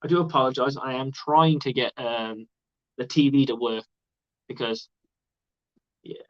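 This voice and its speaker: On his live stream, a non-American man chats about sports in a loose, rambling way, cursing often. He speaks at a measured pace in a medium pitch, captured with a dull, dry, lo-fi sound and no echo.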